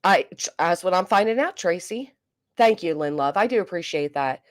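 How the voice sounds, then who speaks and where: A woman's voice: lowish voice, animated, moderate pace. A woman, hosting a casual livestream, reading comments and joking bluntly with swearing. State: coughing. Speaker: livestream host.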